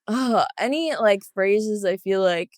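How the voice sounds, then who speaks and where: A woman's voice: medium pitch, slow pace, darkish tone, dry recording, studio quality. A twenty-year-old woman from Los Angeles, a guest on a casual podcast interview, giggling often and leaning on "like" as she talks. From Los Angeles, USA. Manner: giggly, laughs often, heavy use of "like". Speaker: guest footballer.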